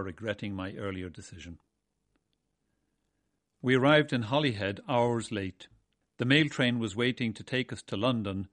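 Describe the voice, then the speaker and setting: A man from Ireland, narrating a memoir of his seafaring days in a measured, wry way. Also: mid-range voice, a bit bright, dry recording. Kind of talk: first-person storytelling.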